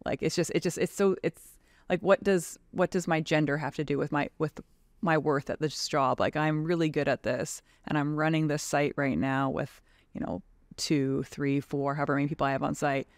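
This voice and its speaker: Speaking in a low voice with a steady tone at normal speed, a Canadian tradeswoman and advocacy leader in her thirties is a frank, animated podcast guest who uses "like" constantly. The recording is dry with clean studio sound.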